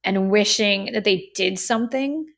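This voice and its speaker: A woman hosts a casual music review podcast in an effusive, heartfelt way. Her voice has a gravelly, vocal-fry edge and sits at a middling pitch. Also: unhurried, a bit bright. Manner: effusive and heartfelt, often says "like". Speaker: podcast host.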